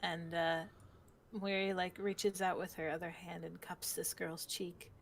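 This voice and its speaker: A woman playing a tabletop game, describing her character's actions in an unhurried, thoughtful way. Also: on the low side, little pitch movement, vocal fry, slight background noise. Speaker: player. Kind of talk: casual play narration.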